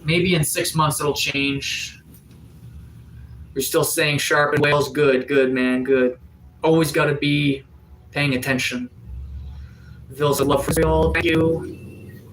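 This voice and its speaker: A man's voice: on the high side, fairly even intonation, slow pace, pauses often, fairly bright tone, a little hiss or hum, poor audio. A man from Atlantic Canada with a cold, casually reading out and answering chat comments on a live stream. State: has a cold. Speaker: livestreamer. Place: sunroom.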